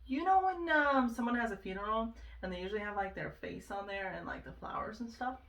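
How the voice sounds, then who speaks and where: A woman's voice: mid-range voice, expressive, a little fast, a bit bright, far from the mic. A woman talking earnestly and casually to the camera, giving personal advice on overthinking, often asking "right?". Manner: earnest and conversational, many asides and "right?". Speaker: vlogger sharing self-help advice.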